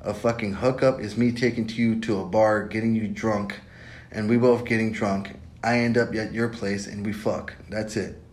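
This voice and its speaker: A man's voice: fairly even intonation, moderate pace, a little mellow. A man giving blunt, profane dating advice in a casual podcast monologue. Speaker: podcast host. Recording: echoey room with faint rumble.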